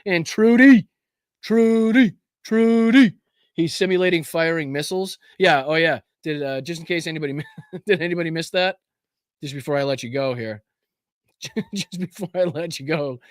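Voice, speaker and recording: A man's voice: fairly high pitch, brisk, no room sound, clean studio sound. A man hosting a political commentary livestream, talking casually and profanely, often restarting his phrases as he rambles. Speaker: political commentary show host.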